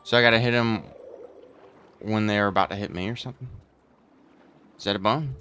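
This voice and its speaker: A man giving casual gameplay commentary, excitable, with frequent yelps and outbursts. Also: on the low side, fairly quick, faint music behind.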